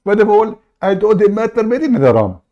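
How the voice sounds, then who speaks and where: A man putting on a high, eager bragging caller. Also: very animated, brisk, dark tone, dull audio. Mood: eager, boastful. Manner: earnest, boastful, always opens with "first of all".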